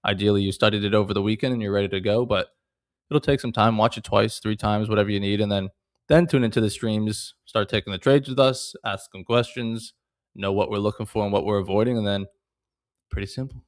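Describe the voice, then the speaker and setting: A man's voice: fairly low pitch, steady tone, fairly quick, no room sound, studio quality. A man coaching viewers on a live trading stream in a direct, matter-of-fact way. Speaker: trading educator and stream host. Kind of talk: casual livestream instruction.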